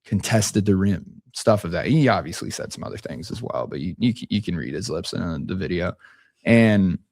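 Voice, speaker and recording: Very deep-voiced laid-back young man. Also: expressive, brisk, vocal fry, a little mellow, dry recording, studio quality. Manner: laid-back, rambling with many restarts. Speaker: basketball coach guest. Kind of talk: casual podcast chat.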